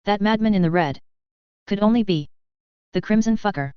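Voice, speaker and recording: Woman, fan fiction reader, steady delivery, very smooth voice, muffled lo-fi sound. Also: medium pitch, moderate pace, no room sound.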